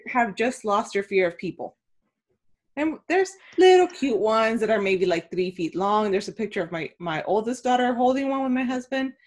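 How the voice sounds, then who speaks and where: A woman in her thirties co-hosts a casual podcast. She tells her stories in an animated, excitable way, and her voice jumps up whenever she gets worked up. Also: a little high, moderate pace. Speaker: podcast co-host. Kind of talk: casual chat.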